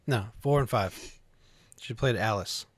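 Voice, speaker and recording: A man's voice: fairly low pitch, a little slow, no room sound. A man chatting casually, laid-back and hesitant, with many fillers and frequent laughs. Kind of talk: casual chat.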